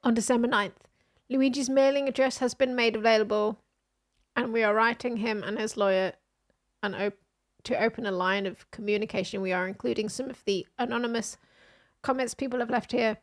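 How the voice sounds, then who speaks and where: A woman streamer reading news posts aloud and reacting in a casual, animated way, with exclamations. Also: a little high, fairly quick.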